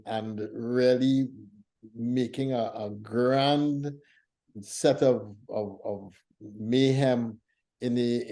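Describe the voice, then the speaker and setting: Man with a very dark, mellow voice. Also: medium pitch. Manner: thoughtful, tells stories in a measured, unhurried way. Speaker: church leader hosting a faith talk show. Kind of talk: reflective conversational teaching.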